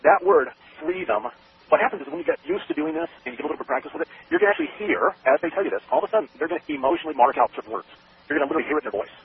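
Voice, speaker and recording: A man giving interview answers about a sales method, talking fast and acting out both sides of a sales conversation. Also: a little high, big pitch swings, crowd noise. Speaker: sales trainer. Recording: tinny phone line with faint noise.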